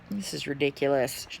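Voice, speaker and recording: A woman's voice: extremely low pitch, gravelly, slight background noise. A tired middle-aged woman, chatting casually to her phone camera in a rambling way, yawning and swearing now and then. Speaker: vlogger.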